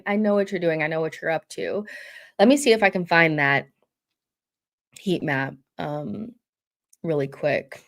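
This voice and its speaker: A young woman with a low voice hosts a casual football live stream. She reads out viewer comments and teases them back in a chatty, offhand way.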